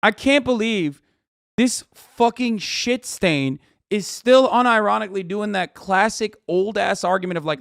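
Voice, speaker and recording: A man streaming, commenting heatedly on clips in profane casual talk that rises into shouting rants. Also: sits high, moderate pace, gravelly, no echo, studio quality.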